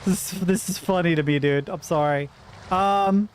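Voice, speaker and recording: A man with a high voice gives casual let's-play commentary, rambling and joking as he plays. There is a faint layer of noise behind him. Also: a little slow. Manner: rambling, joking, laughs often. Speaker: streamer playing a game.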